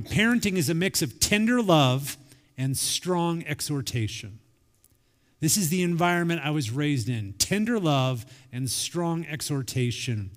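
A man in his forties delivering a sermon from the pulpit, with a voice that sits somewhat high for a man. He speaks conversationally and acts out bits of remembered family conversation. His words ring out with the long tail of a large church hall. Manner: conversational, acts out quoted dialogue. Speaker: pastor.

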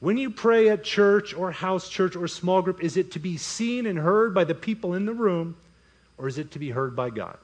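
A man preaching a sermon from the pulpit in a somewhat high voice. He keeps the talk lively, slipping into quick voiced asides and mock inner monologues between points. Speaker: pastor.

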